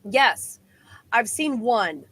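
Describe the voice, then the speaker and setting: Woman guest chatting, kinda high voice, animated storytelling, lots of restarts. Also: extremely slow. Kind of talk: casual storytelling on a live show.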